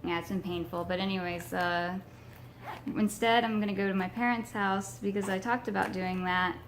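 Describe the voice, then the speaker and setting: A young woman from Texas chatting casually to her viewers, her voice hoarse from a sinus infection, rambling with many ums. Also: mid-range voice, fairly even intonation, normal speed, a little hiss or hum. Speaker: paranormal vlogger. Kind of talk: casual vlog chat to camera.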